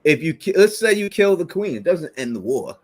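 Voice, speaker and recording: A man with a slightly high voice talks on a livestream. He argues emphatically and swears along the way. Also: sing-song, a little fast, darkish tone. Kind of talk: casual livestream chat.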